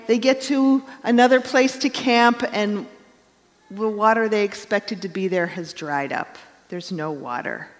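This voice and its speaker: A woman's voice: mid-range voice, in a large hall. A woman pastor giving a conversational sermon and telling stories with acted quotes.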